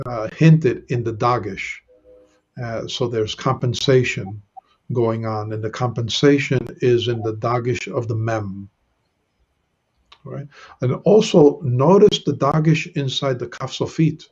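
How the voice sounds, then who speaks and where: Husky man teaching Hebrew grammar. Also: mid-range voice, darkish tone, dull audio. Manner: patient, explanatory, many "uh" and "okay". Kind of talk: online Hebrew grammar lesson.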